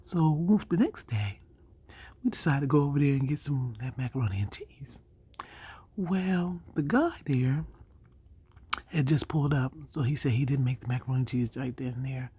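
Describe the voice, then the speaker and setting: A woman casually telling a story, animated, acting out the people she quotes. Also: rumbling low, moderate pace, slightly rough. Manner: animated, acts out quoted dialogue.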